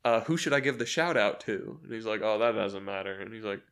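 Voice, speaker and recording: Guy with a lowish voice pitching an episode, does little voices for everyone, laughs a lot. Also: animated, gravelly, a bit bright, smooth. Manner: acts out characters in quick quoted voices, laughs often. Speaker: co-host pitching a story. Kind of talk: casual brainstorming chat.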